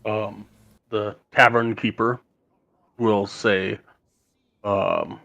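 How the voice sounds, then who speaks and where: A man working as game master, describing scenes in a matter-of-fact, unhurried way over a voice chat mic. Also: fairly low pitch, a bit bright, rough recording. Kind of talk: narrating a tabletop game.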